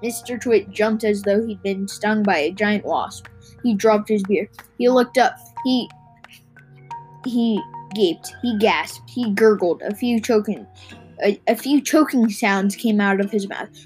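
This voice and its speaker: A young narrator reading a storybook aloud, halting with restarts and little asides, and hosting a podcast. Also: medium pitch, darkish tone, faint music behind, rough recording.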